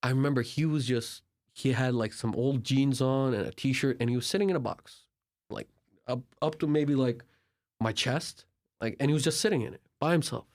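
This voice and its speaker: The speaker is a young man from Turkey, a podcast guest with a medium-pitched voice and a moderate pace. In a loose, animated way he recounts his travels, playing out each conversation and leaning on plenty of filler words.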